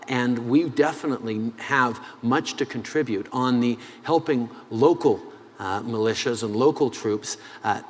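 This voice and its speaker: A man answering interview questions as a head of government, measured and full of "uh" pauses. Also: mid-range voice, in a large hall.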